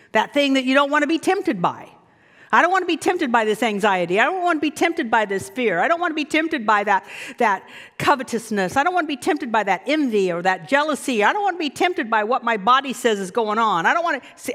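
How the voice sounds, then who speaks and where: A woman minister delivers a sermon in a high, bright voice that swoops up and down with enthusiasm. She coaxes her listeners to repeat lines back to her. Her voice rings out with a long reverb in a large hall. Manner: animated, coaxing the congregation to repeat after her.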